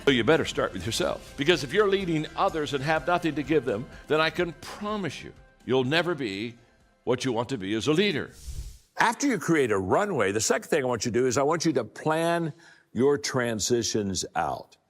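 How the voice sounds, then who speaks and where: A man's voice: mid-range voice, sing-song, fairly quick, long reverb tail, soft background music. An older man giving a motivational leadership talk, telling folksy stories with frequent restarts and repeated words. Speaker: leadership speaker.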